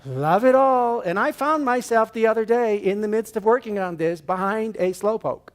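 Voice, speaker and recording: High-voiced man giving an animated sermon. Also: normal speed. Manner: animated, acts out little scenes and leads the audience in a gesture. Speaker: guest speaker at a church service. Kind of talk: inspirational sermon talk. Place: church room with an audience.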